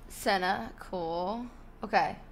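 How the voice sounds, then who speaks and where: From her bedroom, a young woman chats casually on a live stream, swearing, thanking subscribers, and battling hiccups. Her mid-range voice is creaky and slow, with a little background noise.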